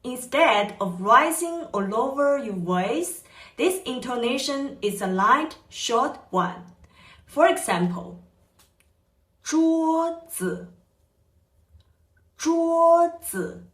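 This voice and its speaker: Slow-speaking woman teaching tones. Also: fairly high pitch, sing-song, a bit bright. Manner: slow, carefully modeled tone examples. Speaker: Chinese language teacher. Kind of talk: scripted lesson narration. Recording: echoey room from a distance, light music.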